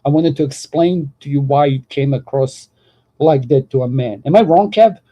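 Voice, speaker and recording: Dark husky man talking casually. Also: mid-range voice, normal speed, highs cut off. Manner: rambling, peppers speech with "like". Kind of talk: casual argumentative chat.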